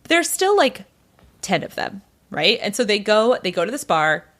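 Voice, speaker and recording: A woman's voice: medium pitch, moderate pace. A woman podcast host in casual chat, animatedly retelling a story and acting out what people said, with a lot of "like". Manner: animated retelling, acts out quoted people, frequent "like".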